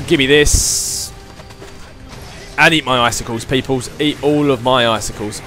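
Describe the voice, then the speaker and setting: A man chatting excitably through his let's play commentary as he plays a video game, thinking aloud as he goes. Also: medium pitch, normal speed, faint music behind. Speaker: gaming channel host.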